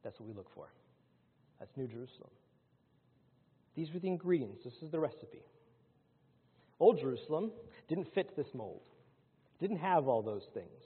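A man preaching a sermon to his congregation, swinging between loud, rising lines and hushed ones. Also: on the high side, very animated, normal speed, pauses often, breathy edge. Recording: phone-like sound in a large hall.

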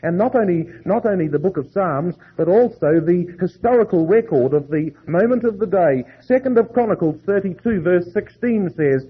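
Male preacher, husky, fairly high voice, slow emphatic scripture reading, dull lo-fi sound. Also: animated. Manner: reads scripture slowly with heavy emphasis. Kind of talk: sermon.

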